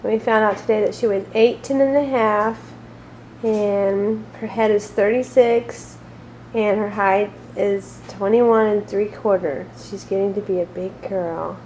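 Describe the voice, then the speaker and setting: Young mom, slow unhurried delivery, sing-song baby talk, camcorder home-video sound. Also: female voice, medium pitch, fairly even intonation, a little mellow, slight background noise. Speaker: mother filming her newborn. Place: at home, indoors. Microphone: built-in camcorder mic.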